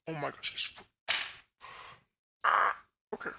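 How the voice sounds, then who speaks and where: A woman's voice: fairly low pitch, animated, slow pace, vocal fry, long pauses, sharp tone. A woman chatting casually to her live stream chat from her room at home, laughing often and talking to viewers. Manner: giggly, chatty, talks to chat. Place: bedroom at home.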